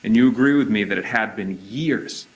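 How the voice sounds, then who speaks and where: A man's voice: on the low side, normal speed, highs cut off. A man prosecuting in a courtroom cross-examination, pressing and pointed with sarcastic jabs.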